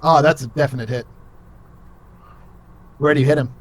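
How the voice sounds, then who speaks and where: A man's voice: fairly high pitch, fairly even intonation, moderate pace. A young man narrating as game master in a casual, rambling way full of fillers.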